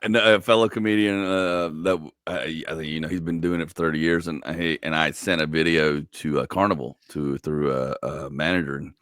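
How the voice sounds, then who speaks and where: A man hosting a relaxed chat with a fellow comic, wandering through stories and acting out what others said. The sound is close and dry, with no room around it. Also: very deep voice, fairly quick, few pauses, no room sound. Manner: rambling, quotes people in put-on voices. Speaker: podcast host. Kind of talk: casual chat.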